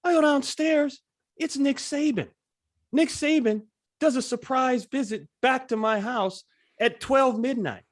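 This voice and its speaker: A man co-hosting a sports podcast, an animated storyteller who laughs often as he talks. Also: very high voice, a little slow, no echo, studio quality. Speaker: podcast co-host. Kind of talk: casual sports chat.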